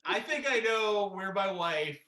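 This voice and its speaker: A man's voice: high voice, expressive, unhurried, pushed and bright. A man hosting a casual debate show, joking and rambling as he steers the talk. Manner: joking, rambling, laughs often. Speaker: host. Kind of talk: casual chat. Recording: roomy echo.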